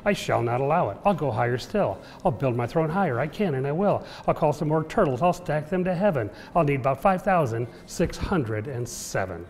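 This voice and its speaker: A man's voice: a little high, lively intonation, a little fast, hardly any pauses, breathy edge, voice pushed up. A man voicing a boastful, bossy male turtle king, bellowing orders while reading a children's book aloud in an echoey room. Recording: echoey room with long reverb.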